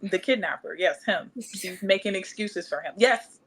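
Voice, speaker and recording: A woman in her thirties, guesting on a podcast, tells her life story casually and animatedly, acting out the voices of the people in it. She speaks at medium pitch and normal speed with a breathy edge.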